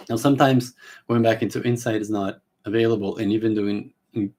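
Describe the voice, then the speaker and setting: A man's voice: fairly low pitch, steady tone, moderate pace, a little mellow. A man giving a live teaching talk on a therapy method, explaining casually with restarts and acting out short client and therapist exchanges. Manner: casual, many fillers and restarts. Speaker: therapy trainer.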